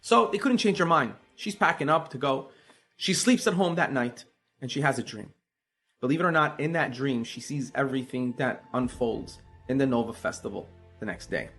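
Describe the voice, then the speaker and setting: A man telling a religious story in an animated, emphatic way, with sudden swings in loudness. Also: medium pitch, moderate pace, soft background music.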